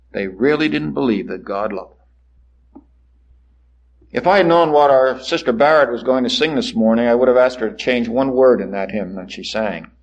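A man preaching a sermon, swinging from soaring lines to hushed ones and acting out the voices he quotes. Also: mid-range voice. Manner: dramatic rises and hushed drops, acts out quoted voices.

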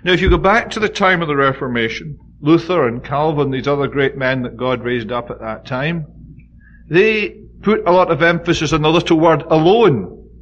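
A man leads a conversational Bible study in a slightly high, somewhat bright voice at normal speed, with the highs cut off. He speaks informally, stresses key words emphatically, and says "you know" a lot.

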